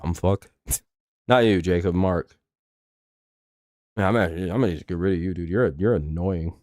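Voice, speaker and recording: With a low, slightly mellow voice and a moderate pace, a young man hosts a live baseball watch-along stream. He chats casually but swears heavily while ranting in exasperation at negative chatters. The sound is clean studio quality with no echo.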